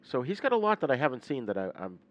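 A man in relaxed podcast conversation about films, reeling off titles and musing aloud with the odd "um". His voice sits at an average pitch and comes through a dull, lo-fi recording. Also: fast. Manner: conversational, lists titles, filler words. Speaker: podcast co-host. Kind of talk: casual film discussion.

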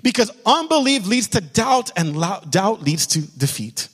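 A man's voice: high-pitched, very animated, measured pace, a bit bright, breathy edge. A man pastor preaching a sermon with passion, repeating key lines for emphasis. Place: church sanctuary. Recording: long hall reverb.

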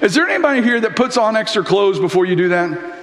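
Man, sermon, animated storytelling, slightly high voice, reverberant hall. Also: quick pace. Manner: animated storytelling, acting out Bible characters. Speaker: pastor. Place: church hall.

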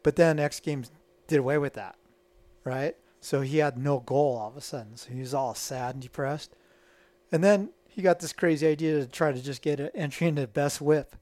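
A middle-aged man, a guest, telling stories in a casual, animated way and acting out the voices of people in them. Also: on the high side, moderate pace, no echo. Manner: animated, acts out quoted dialogue. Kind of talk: casual storytelling.

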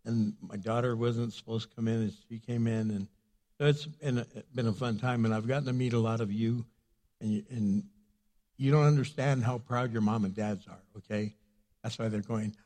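Older man, pastor, sermon, chatty storytelling, medium-pitched voice. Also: steady tone, moderate pace, warm tone.

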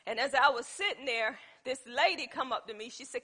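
A woman's voice: high voice, fairly quick, bright, forceful tone, breathy edge. A woman giving an informal Bible teaching, who tells stories from her own life and asks her listeners questions. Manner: tells personal stories as examples.

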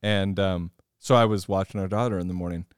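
Man, thirties, casual podcast chat, smooth resonant voice, dry close sound. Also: sits low, fairly quick, dry recording. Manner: animated storyteller, laughs at himself.

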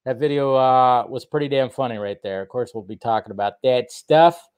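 A man hosting a casual solo movie-news vlog, rambling and excitable, swearing freely as he talks. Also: mid-range voice, normal speed, smooth. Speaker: online movie news host.

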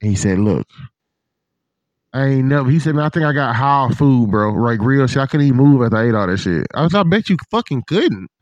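A man in casual chat with a friend, an animated, profane storyteller who acts out what others said. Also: medium pitch, quick pace, dry recording. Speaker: podcast co-host.

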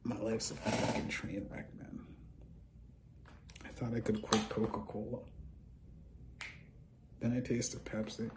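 A man's voice: lowish voice, flat delivery, takes it slowly, pauses often, very noisy. A young man hosting a solo show, rambling and profane in a scattered, stream-of-consciousness way. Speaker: podcast host.

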